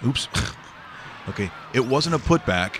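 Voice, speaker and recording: A man's voice: mid-range voice, expressive, measured pace, a bit bright, slight background noise. A man hosting a sports talk show, joking and rambling in casual studio banter. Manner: jokey, rambling, with frequent restarts and laughs. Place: radio studio.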